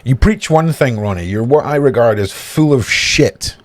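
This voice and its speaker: A man's voice: medium pitch, expressive, normal speed. A man from Scotland with a Scottish accent, narrating a feud and reading messages aloud in a sarcastic, mocking, profane way. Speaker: YouTuber.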